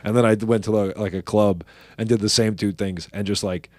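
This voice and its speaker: Guest comic, male, low voice, loose mumbling delivery that trails off, close dry mic. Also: steady tone, brisk, no echo. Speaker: stand-up comedian guest. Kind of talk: casual podcast chat.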